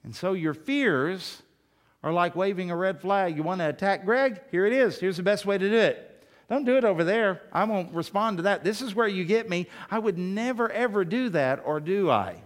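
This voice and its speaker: Emphatic male preacher, somewhat high voice. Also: moderate pace. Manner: emphatic, rhetorical questions. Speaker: pastor. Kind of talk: sermon.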